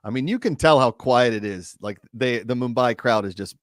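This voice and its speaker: A man's voice: mid-range voice, moderate pace, no echo. A man hosting a casual live stream, asking questions and running picks and announcements in an upbeat way. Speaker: stream host.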